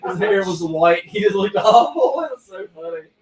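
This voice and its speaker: A man's voice: high-pitched, animated, moderate pace. A man casually retelling TV episodes in a rambling way, full of "like" fillers, in a tattoo studio. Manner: rambling storyteller, lots of "like" fillers, frequent laughter. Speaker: tattoo artist. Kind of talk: casual chat. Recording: echoey room, mic at a distance, faint noise.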